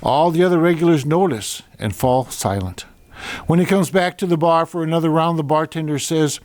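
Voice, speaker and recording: A man's voice: fairly high pitch, animated, moderate pace, dry recording. Older man reading jokes aloud, dry sound. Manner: chatty asides between jokes, small stumbles. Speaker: podcast host and storyteller.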